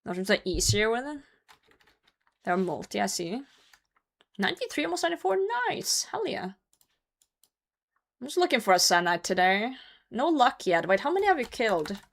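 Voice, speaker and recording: A woman's voice: medium pitch, sing-song, moderate pace, creaky, long pauses. A Norwegian woman streaming a game, chatting casually in English as a second language, swearing freely as she answers her chat. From Norway. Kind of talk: casual gaming livestream chat.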